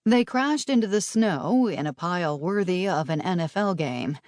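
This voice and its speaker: A woman narrating an audiobook in a brisk, lively storytelling manner. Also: on the low side, dry recording, studio quality.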